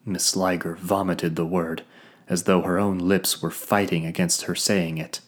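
A man reading a first-person story as a narrator, measured and sometimes hushed. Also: deep voice, level tone. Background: faint background music.

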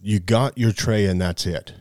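Deep-voiced man from Montana, casual. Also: a little slow, no room sound, clean studio sound. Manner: storytelling, relaxed and conversational. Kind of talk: casual chat.

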